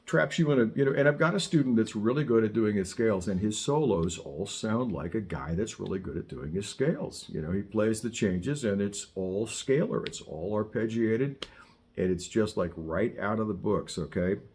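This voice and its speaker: A man's voice: on the low side, animated, normal speed, darkish tone. A middle-aged man teaching saxophone in a casual, chatty way, wandering into wry asides and digressions. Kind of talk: casual spoken lesson. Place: studio in Southern California.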